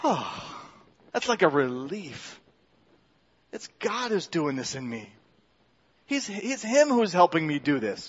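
A man preaches to his church in an easy, conversational way, often restarting his sentences and poking fun at himself. His voice sits high for a man. The recording sounds somewhat dull and lo-fi. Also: sing-song, slow, pauses often, breathy edge. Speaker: pastor. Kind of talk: sermon. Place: church sanctuary.

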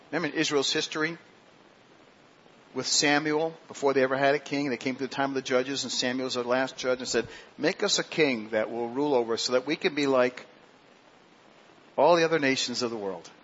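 Pastor guy preaching, earnest, slows down on the verses, kinda muffled recording w faint hiss. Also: mid-range voice, fairly bright tone. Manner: earnest preaching, slows and lifts his voice on scripture quotes. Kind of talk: sermon. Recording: dull lo-fi sermon recording with faint noise.

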